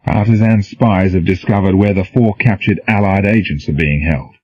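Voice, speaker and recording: A man plays an unflappable commando leader with a dry wit, with a low, husky voice. He speaks calmly, without heat, in a dull, dry audiobook recording. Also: normal speed. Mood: steady. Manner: calm, dry. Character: calm, dry-witted male commando leader.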